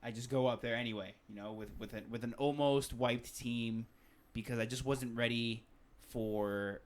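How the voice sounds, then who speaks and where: A man's voice: mid-range voice, fairly even intonation, moderate pace. A man with an ordinary mid-range voice chats on a gaming podcast. He tells stories with plenty of swearing and acts out the game characters as he goes. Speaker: podcast co-host. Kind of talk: casual gaming chat.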